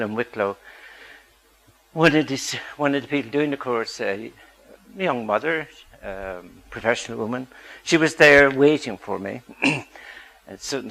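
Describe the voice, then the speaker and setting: Man, mid-pitched, earnest speaker at a talk, leans on rhetorical questions. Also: creaky, bright, forceful tone, rough recording. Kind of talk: public talk.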